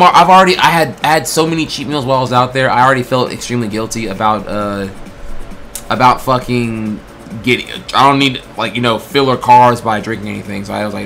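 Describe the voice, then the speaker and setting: A man telling a story in a casual, animated way, swearing often, packed with filler words and acted-out exchanges. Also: mid-range voice. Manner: acts out quoted exchanges in bursts. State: throat getting tired.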